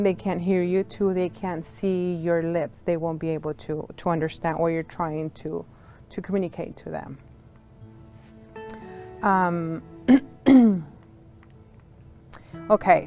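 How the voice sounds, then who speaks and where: Woman interpreter leading a kids' sign language class; average pitch, slow and patient. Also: darkish tone. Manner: patient, explains step by step to young students. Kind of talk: teaching a beginner sign language lesson.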